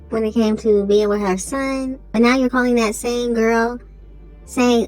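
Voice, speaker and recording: Brief: reaction host, woman, high-ish voice, soft music behind. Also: measured pace, poor audio. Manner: emphatic, questioning commentary. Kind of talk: reaction commentary.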